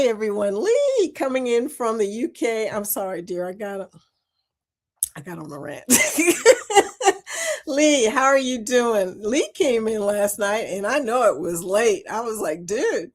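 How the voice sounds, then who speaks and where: A middle-aged woman chats casually on her livestream. She laughs often and tells her stories with a lively, swooping pitch. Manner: chatty, laughs often, animated storytelling. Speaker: host of a cruise chat livestream. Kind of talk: casual livestream chat reading viewer comments.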